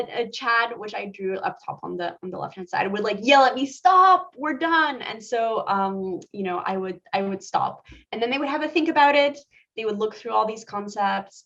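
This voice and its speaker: A woman's voice: mid-range voice, muffled recording. A woman concept artist giving a chatty presentation talk about her slides, full of asides and fillers.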